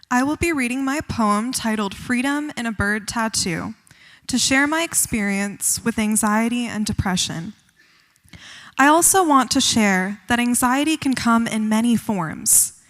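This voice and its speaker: A young woman student reading her poem on stage in a measured, calm way. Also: a little high, big-room sound. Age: young adult. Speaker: student poet. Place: concert hall stage.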